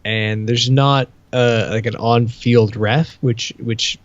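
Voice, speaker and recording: A man's voice: mid-range voice, steady tone, slow, no room sound, highs cut off. A man co-hosting a casual podcast, telling long rambling stories, swearing freely and acting out quoted dialogue. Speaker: podcast co-host.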